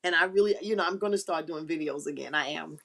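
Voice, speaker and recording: Emotional middle-aged woman, low voice. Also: quick pace, vocal fry, fairly bright tone. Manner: heartfelt and encouraging, repeats key phrases; emotional, near tears. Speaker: livestream host. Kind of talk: inspirational faith talk on a live stream.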